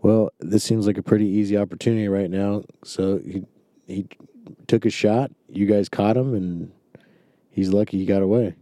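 Laid-back guy, real dark mellow voice, dry close sound, telling a break-in story. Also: fairly low pitch, fairly even intonation, normal speed, dry recording. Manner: laid-back, swears casually. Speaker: former retail manager. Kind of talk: casual chat.

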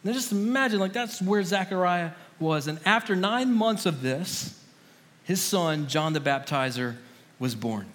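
A male pastor with a notably high voice delivers a sermon in an easygoing, chatty manner, dropping slangy asides as he goes. His voice rings out with a long reverb, as if filling a large church sanctuary. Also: animated, measured pace, a bit bright. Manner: casual, conversational preaching with slangy asides.

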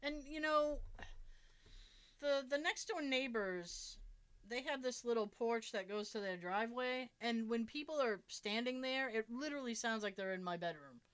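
A woman's voice: on the high side, moderate pace, clean tone, no room sound. A woman casually telling a story to friends, swearing freely and acting out the voices of the people in it. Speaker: podcast host telling a story.

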